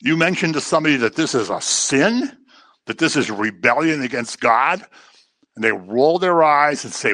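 A middle-aged man leading an informal Bible study, talking casually, repeating phrases for emphasis and mimicking other people's voices in a low, mocking tone. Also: lively intonation, normal speed, bright, forceful tone, no echo.

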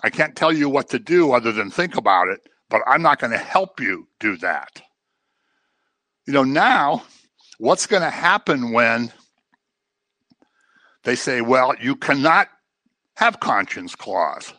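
A middle-aged man leads a casual Bible study, very animated but a little slow, with long pauses and a sharp tone. He repeats phrases for emphasis and mimics other people in a low, mocking voice, and there is no room sound.

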